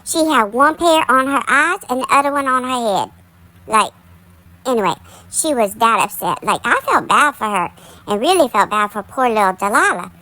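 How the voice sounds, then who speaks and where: A woman's voice: on the high side, animated, normal speed, bright, forceful tone, low-quality recording. A woman hosting a casual gossip commentary, chatty and full of "like" and "y'all,". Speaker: commentary channel host.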